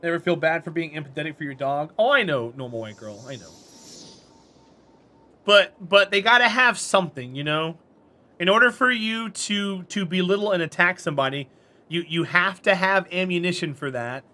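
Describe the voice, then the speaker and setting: A man's voice: high-pitched, moderate pace, bright, forceful tone. A man chatting casually on a live stream while playing a game, rambling and answering chat.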